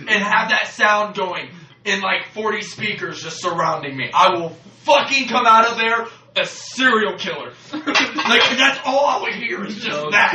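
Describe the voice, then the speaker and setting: A man ranting loudly and profanely in casual chat, laughing as he goes. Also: sits high. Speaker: podcast co-host. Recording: echoey room, distant mic, noise.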